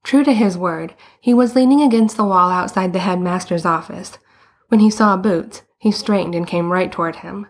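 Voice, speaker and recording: A woman narrating a story in a calm, steady storytelling manner. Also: fairly low pitch, moderate pace. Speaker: audiobook reader.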